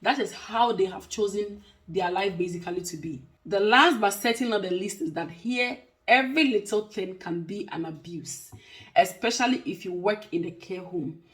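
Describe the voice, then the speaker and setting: Woman, 30s, casual to-camera vlogger, mid pitch, emphatic and repetitive delivery. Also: moderate pace, fairly bright tone. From Africa. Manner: emphatic, repeats points for stress. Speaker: vlogger and care worker.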